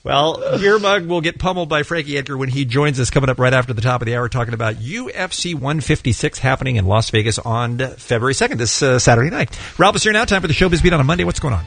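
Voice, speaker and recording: Fast-talking radio co-host man. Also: mid-range voice, animated, gravelly, fairly bright tone. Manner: teasing, brisk promos. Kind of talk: morning radio banter.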